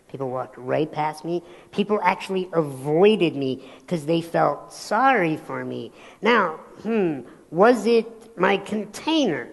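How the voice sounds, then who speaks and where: A man's voice: a little high, gravelly. Guy giving a keynote on stage, does little voices in his stories, big hall with a long echo. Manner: animated storytelling, acts out voices. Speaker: motivational speaker.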